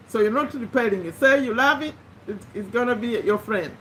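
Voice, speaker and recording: A woman's voice: a little high, animated, brisk, a bit bright, slight background noise. A woman hosting a motivational live stream, speaking in an earnest, encouraging way, repeating phrases and often restarting sentences.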